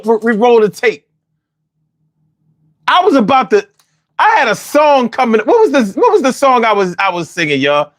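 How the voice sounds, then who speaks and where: Man, high-pitched, call-in host, casual, loud, cursing, teasing, repetitive. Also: sing-song, normal speed, long pauses, no room sound, clean studio sound. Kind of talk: casual livestream chat.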